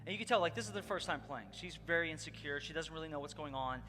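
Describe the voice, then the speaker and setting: With a fairly high pitch, this man preaches in an animated, quick-paced way, sharing a personal story earnestly in a conversational sermon. He addresses the congregation directly, and the recording carries long hall reverb with loud music behind.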